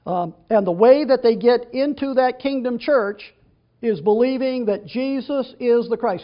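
High-voiced man preaching a sermon. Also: measured pace, lo-fi sound. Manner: emphatic, reads scripture aloud with rising stress. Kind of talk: sermon, bible teaching.

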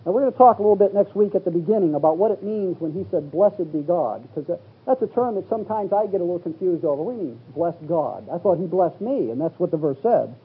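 A man's voice: high-pitched, expressive, quick pace, few pauses, slightly rough. A man preaching a Bible teaching sermon, reading scripture aloud and explaining it verse by verse. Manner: reads scripture in King James wording, rising to exclaim. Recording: phone-like, lo-fi sermon recording.

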